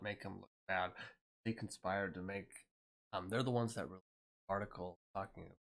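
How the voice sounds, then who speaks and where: A man with a deep voice and fairly bright tone rants angrily on a livestream. He's heated and profane, rambling as he talks.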